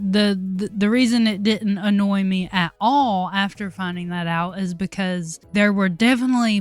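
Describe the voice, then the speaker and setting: A young woman, chatting candidly to camera in a relaxed, talkative vlog and laughing often. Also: medium pitch, clear, resonant tone, no echo. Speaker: vlogger. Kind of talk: casual chat to camera.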